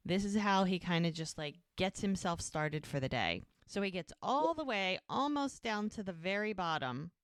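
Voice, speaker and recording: A woman's voice: medium pitch, expressive, normal speed, hardly any pauses, dry recording, clean studio sound. A woman co-hosting a rewatch podcast, retelling scenes in a chatty way with lots of fillers. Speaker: podcast co-host. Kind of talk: casual rewatch podcast chat.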